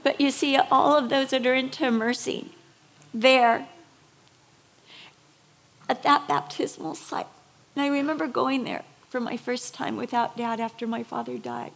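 A middle-aged woman delivers a sermon with a gravelly, creaky edge to her voice. Her pitch sits a little high for a woman. She tells stories with feeling and hammers home her points with emphatic repetition. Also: steady tone, unhurried, long pauses, a bit bright. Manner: emotional storytelling, building to emphatic repetition. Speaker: preacher.

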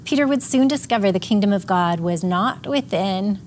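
A woman's voice: medium pitch, animated, normal speed, darkish tone. Earnest older woman hosting Bible study. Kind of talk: casual group chat, reading shares aloud. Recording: faint background noise.

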